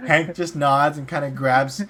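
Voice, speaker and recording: A man narrating as game master in a tabletop game, calm and plain, slipping into short character lines. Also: on the high side, slow pace, a crowd in the background.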